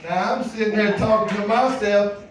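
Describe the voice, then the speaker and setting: A first-time comedian telling a story on stage, animated and colloquial, laughing as he goes. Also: high-pitched, moderate pace, a little hiss or hum. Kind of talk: stand-up storytelling. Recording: echoey club from far off.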